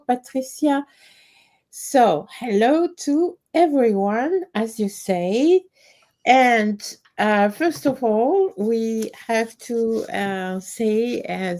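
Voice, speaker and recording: A woman from France with a French accent, hosting a live stream in English, her second language. She talks haltingly and searches for words. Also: a little high, a little mellow.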